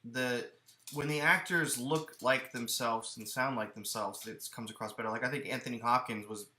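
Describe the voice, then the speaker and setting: A man co-hosting a movie podcast in casual chat. He talks with animated energy and often restarts his sentences. His voice is bright and forceful, and it rings in an echoey room. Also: medium pitch, normal speed. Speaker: podcast co-host. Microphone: headphones and studio mic.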